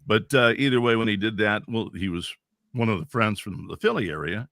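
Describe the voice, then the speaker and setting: A man in his sixties from Central California, a veteran radio DJ telling stories as a podcast guest in an animated, chuckling way. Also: on the low side, fairly quick, no room sound, clean studio sound. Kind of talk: casual storytelling.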